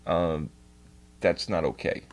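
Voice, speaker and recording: A man's voice: sits low, slow. A young man streaming casually, ranting in exasperated, profanity-heavy bursts. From New York. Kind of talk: casual livestream rant.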